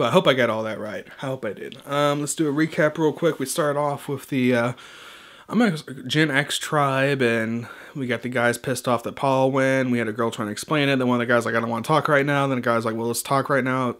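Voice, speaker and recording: Male vlogger, mid-pitched voice, loose and ranty, swears often, mimics people mid-recap. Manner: casual, swears a lot, heated opinions; animated mimicking of others. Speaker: vlogger reviewing a TV episode. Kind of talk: casual recap and rant.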